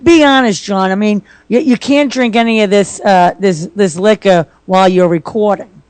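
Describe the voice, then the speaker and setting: A woman hosting a radio interview in a studio, chatty and quick with her questions. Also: mid-range voice, darkish tone, no room sound. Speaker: radio host.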